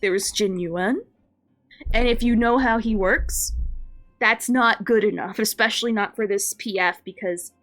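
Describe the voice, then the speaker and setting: A woman's voice: medium pitch, a little slow, fairly bright tone, soft background music. A woman game streamer chatting casually on a live stream, rambling and laughing often.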